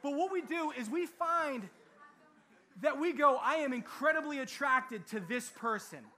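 High, bright-voiced animated young preacher man. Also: unhurried. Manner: animated, acts out quoted voices. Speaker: youth pastor. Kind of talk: sermon.

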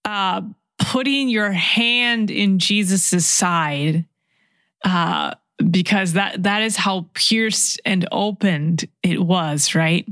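A woman preaches at an unhurried, measured pace, repeating her key lines for weight. She sinks to a hushed whisper when she quotes scripture, and the recording is close and dry, with no room sound. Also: mid-range voice, no echo. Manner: slow, reflective, repeats key phrases; drops to a soft whisper when quoting scripture. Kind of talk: sermon.

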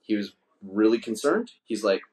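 A man's voice: lowish voice, animated, moderate pace, darkish tone. A man in his fifties hosting a podcast, telling a long, crude, boastful story in casual chat. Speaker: podcast host.

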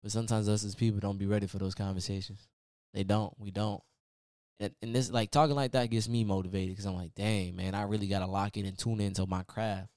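Low-voiced podcast host, casual motivational rant. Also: male voice, fairly even intonation, fairly quick, a little mellow, clear, resonant tone, no echo, clean studio sound. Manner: casual, preachy, repeats "man" often.

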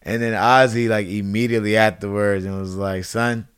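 Low smooth-voiced man telling a story. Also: a little fast, no room sound, clean studio sound. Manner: animated storytelling, acts out quotes in a raised voice. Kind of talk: casual chat.

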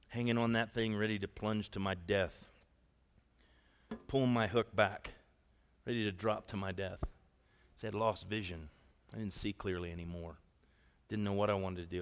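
Preaching man in a reverberant church. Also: lowish voice. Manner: conversational preaching with call-outs to the congregation. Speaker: pastor. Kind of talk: sermon. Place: church sanctuary. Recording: long hall reverb.

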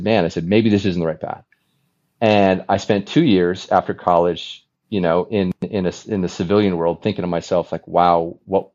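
Earnest man telling stories on a lo-fi recording. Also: sits low. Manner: earnest, animated storyteller who often acts out remembered dialogue. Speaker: podcast guest, former Navy fighter pilot. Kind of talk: conversational storytelling. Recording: dull lo-fi recording.

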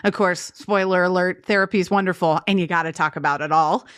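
A woman guest on a podcast interview, telling stories in a lively way and acting out the voices of people she quotes, talking from her home studio. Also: on the low side, fast talker. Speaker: guest speaker.

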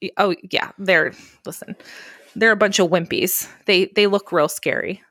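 A woman recaps a film in casual podcast chat and tells it with real gusto. She curses freely and keeps slipping into goofy character voices. Her voice sits at a middle pitch and is recorded close and dry. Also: moderate pace, no echo. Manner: animated storyteller, acts out characters in funny voices, swears casually.

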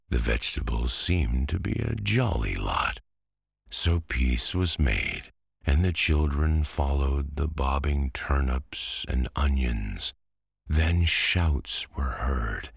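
A man narrating a bedtime story with a very deep, gravelly, breathy voice. He reads slowly and gently, recorded close and dry. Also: no room sound. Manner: gentle, soft-spoken.

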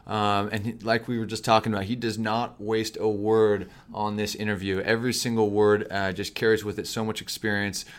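A man's voice: fairly low pitch, level tone, a little fast, few pauses. A man co-hosting a podcast, introducing a guest with enthusiasm and lots of hesitant fillers. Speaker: podcast co-host.

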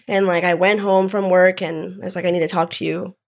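A woman's voice: medium pitch, steady tone, fast talker, hardly any pauses. A young woman chatting on a podcast in a loose, candid, rambling way. She fills her story with "like" and curses freely as she goes. Her voice sits in an ordinary middle range. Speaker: guest telling her story. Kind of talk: casual podcast chat.

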